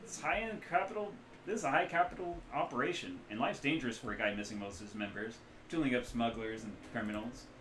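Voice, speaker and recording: A man voicing a cheerful, hungover, middle-aged male back-alley doctor with a loud, folksy Midwestern accent and a boastful manner, in a roomy-sounding room. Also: medium pitch, fast talker, hardly any pauses, a little hiss or hum, natural voice. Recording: roomy echo.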